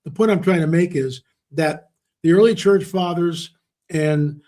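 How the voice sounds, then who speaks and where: An author and researcher guesting on an interview talks in an unhurried way, his male voice a little high with a dark tone. He recounts stories with emphasis, often repeating words for stress, in conversational exchange.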